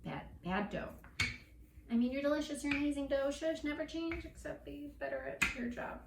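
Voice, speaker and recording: A woman's voice: high-pitched, expressive, fairly quick, creaky, background noise. Fields: Sex: woman. Role: playful baking show host. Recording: echoey kitchen, distant mic. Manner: playful, chatty, talks to her dough. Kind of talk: casual cooking tutorial. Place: home kitchen.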